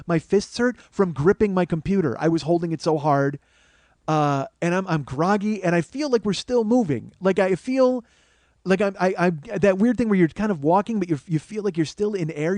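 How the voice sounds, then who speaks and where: Higher-voiced guy rambling through a funny story, lots of swearing, dry close sound. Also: darkish tone, no room sound. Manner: profane, rambling, self-mocking storyteller. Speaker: comedy podcast host. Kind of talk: comic personal storytelling.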